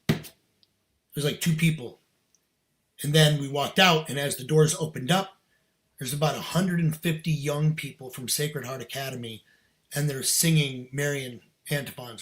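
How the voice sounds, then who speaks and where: A man's voice: medium pitch, normal speed, long pauses. A middle-aged man, a podcast guest, telling a personal story in casual, earnest, emphatic talk with slang.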